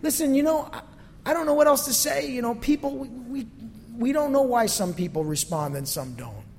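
A man's voice: extremely high pitch, animated, moderate pace, gravelly, slight background noise. A male pastor giving a conversational sermon that is full of rhetorical questions, recorded in a church sanctuary. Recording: long reverb from a hall.

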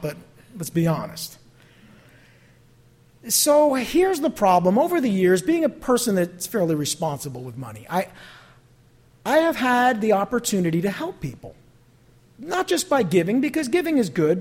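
A high-pitched man leading a Bible study. He talks like a pastor chatting with his flock, animated and conversational. He slips into quoted voices as he tells his stories.

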